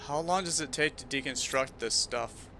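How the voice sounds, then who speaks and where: A man's voice: mid-range voice, moderate pace, sharp tone, a little hiss or hum. A young man streaming a game, chatting casually and telling a long story with frequent restarts. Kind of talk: casual chat while gaming.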